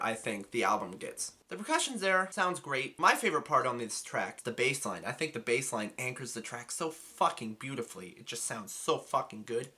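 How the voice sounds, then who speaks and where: A man's voice: medium pitch, bright, forceful tone. A man casually reviewing an album, enthusiastic and swearing freely. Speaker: music reviewer.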